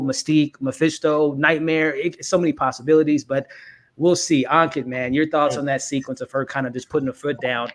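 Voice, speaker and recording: A man hosting a casual discussion podcast, leading the talk and passing questions to his co-hosts. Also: medium pitch. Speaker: podcast host. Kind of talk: casual pop-culture discussion.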